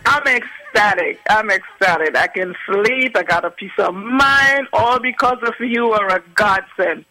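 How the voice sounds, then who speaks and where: A woman calling in to give a radio testimonial, excited and repeating her phrases. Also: mid-range voice, a little slow, no echo, rough recording. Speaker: caller giving a testimonial.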